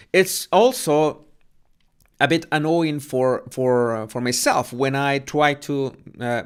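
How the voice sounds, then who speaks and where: Latino spanish-accented guy rambling on his channel, smooth voice, stutters n restarts a lot, careful with his words. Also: medium pitch, a bit bright. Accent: Latin American Spanish. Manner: careful with pronunciation. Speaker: channel host. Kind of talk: casual rambling live chat.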